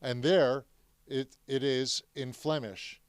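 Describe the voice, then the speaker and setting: A man's voice: mid-range voice, steady tone, slow, clean tone, dry recording. A man telling his family's story to students in a classroom, speaking emphatically and asking them questions. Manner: emphatic, addresses the audience with questions. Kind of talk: classroom talk.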